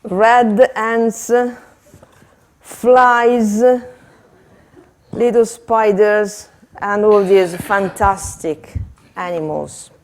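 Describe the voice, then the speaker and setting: Slow, hesitant woman teacher trainer. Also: mid-range voice, fairly even intonation. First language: Italian. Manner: hesitant, chatty, laughs at herself. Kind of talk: workshop lesson demonstration. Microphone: handheld microphone.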